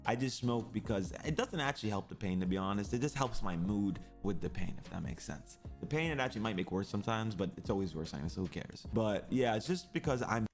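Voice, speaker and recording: Fast-talking young man, intense and rambling. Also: on the low side, animated, faint music behind. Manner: rambling, intense, swears often. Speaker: streamer. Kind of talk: emotional personal story.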